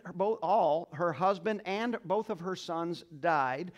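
A male pastor preaching a sermon to a congregation, leading call-and-response, swinging between quiet asides and loud exclamations. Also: high voice, takes it slowly, few pauses. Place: church sanctuary.

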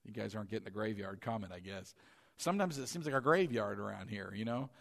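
A middle-aged male pastor preaching a sermon, loud and passionate, often calling out to the congregation for responses. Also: lowish voice, animated, fast, gravelly.

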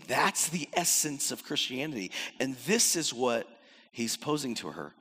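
A man preaching a sermon in an animated way, acting out the voices he quotes and swinging between loud and soft. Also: medium pitch, measured pace, slightly rough. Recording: long hall reverb.

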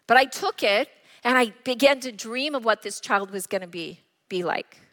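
A woman's voice: fairly high pitch, lively intonation, moderate pace, a bit bright. Earnest woman pastor, reverberant church. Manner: personal, earnest storytelling with acted quotes. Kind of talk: sermon. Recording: long reverb of a church hall.

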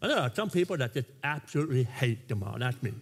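A man preaching a sermon as pastor, animated and often restarting with repeated words. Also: mid-range voice, fast talker.

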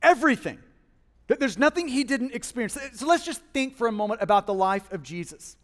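A male pastor delivers a sermon in a strikingly high voice, heartfelt and driven, doubling his first words as he pushes forward. The sound rings with the long tail of a large hall. He slips into quoted speech as he preaches. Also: big pitch swings, fairly quick. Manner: impassioned, repeats words when starting phrases, voices God and listeners in quotes.

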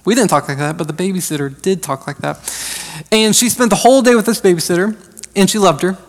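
A pastor in his thirties gives a sermon in a friendly, talky way, often pausing on "um" and "uh". His voice sits high for a man. The sound rings out with a long hall reverb. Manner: conversational preaching with frequent fillers. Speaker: associate pastor.

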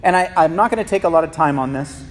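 A man's voice: fairly high pitch, quick pace. A male pastor giving an impassioned sermon in a church, often repeating words as he builds a point. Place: church sanctuary. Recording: reverberant hall.

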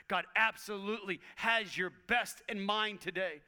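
Bright-voiced, emphatic male preacher. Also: high voice, normal speed. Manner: emphatic, swinging from loud to whispers, repeats phrases. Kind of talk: sermon.

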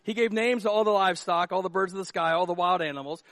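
Male pastor, high voice, dry close sound, comic, animated delivery, acts out scenes. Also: fast talker, no room sound. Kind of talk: sermon.

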